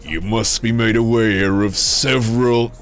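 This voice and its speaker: Gruff commanding officer, low and stern, formal old-style speech, done by a male streamer. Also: fairly even intonation, measured pace, faint music behind, natural voice.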